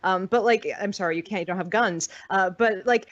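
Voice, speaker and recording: A woman's voice: mid-range voice, fairly quick, few pauses, dry recording. A woman from the United States, a podcast guest chatting casually, telling stories, swearing freely and acting out what people said. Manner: chatty storyteller who swears freely and acts out quotes. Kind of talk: casual chat. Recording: dull dry recording.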